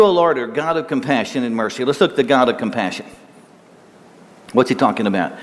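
An older man preaching a sermon in a conversational, folksy way, repeating words as he goes. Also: mid-range voice. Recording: long hall reverb.

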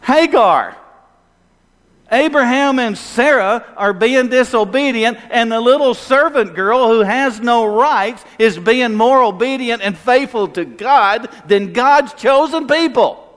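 A man's voice: very high-pitched, lively intonation, takes it slowly, a bit bright. A male pastor preaching a sermon, emphatic and full of rhetorical questions for the congregation. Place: church sanctuary. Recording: long hall reverb.

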